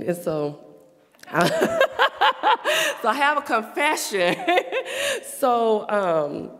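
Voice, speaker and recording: A woman's voice: on the low side, slow, vocal fry, pauses often. Laughing woman testifying in a reverberant hall. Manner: animated storytelling, frequent laughter, drops to soft confessional tones. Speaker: speaker giving a testimony. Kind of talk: church testimony.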